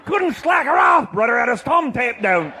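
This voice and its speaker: A man with a Newfoundland accent telling a comic tall tale, boisterous, often shouting and laughing mid-sentence. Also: extremely high pitch, big pitch swings, normal speed, a faint crowd, slight background noise. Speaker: comic storyteller.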